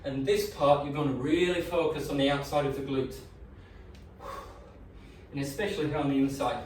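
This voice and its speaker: A fitness coach at home runs through a leg workout in a casual, upbeat way, panting by the end. His pitch is medium, his intonation mostly even, and his speed moderate. Recorded from afar in an echoing room, with slight background noise.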